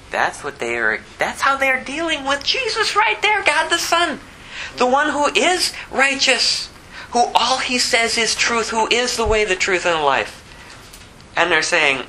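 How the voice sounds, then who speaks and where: A man preaching a conversational sermon, asking rhetorical questions and dropping low to act out quotes. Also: sing-song, normal speed, bright, forceful tone, a little hiss or hum, rough recording. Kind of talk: expository sermon.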